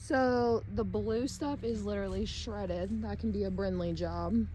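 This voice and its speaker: A woman's voice: mid-range voice, measured pace, rough recording. A woman is strolling around her land outdoors, chatting loosely to her viewers. Her voice is a little worn as she loses it, so she pushes to talk up over a tractor working nearby, and a faint noise sits under the recording. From United States. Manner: chatty, talking up loudly over machinery. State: losing her voice. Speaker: homestead vlogger. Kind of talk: casual walking tour vlog. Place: outdoors on rural hillside property. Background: tractor running nearby.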